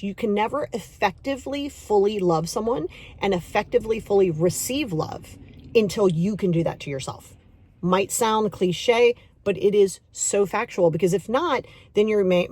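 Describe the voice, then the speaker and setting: Woman, middle-aged, breathy voice, podcast host, motivational self-help talk, emphatic, repetitive, direct. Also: medium pitch, animated, darkish tone, no echo. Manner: acts out inner voices in quick asides.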